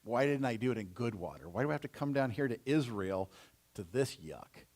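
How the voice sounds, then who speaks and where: A man's voice: medium pitch, expressive, brisk, a little mellow, voice pushed down, natural voice. A man voicing a proud, indignant army commander who grumbles in casual modern slang.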